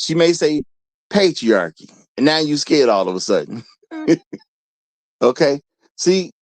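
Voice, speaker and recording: A man's voice: a little high, darkish tone, no room sound. A man hosting a livestream, talking casually, reading chat aloud and repeating his phrases. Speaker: livestream host.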